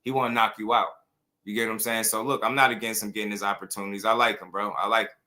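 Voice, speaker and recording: A man's voice: lowish voice, little pitch movement, rapid-fire, bright, forceful tone. A man hosting a boxing show in casual, playful commentary full of slang and jokes. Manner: playful, jokey, heavy slang.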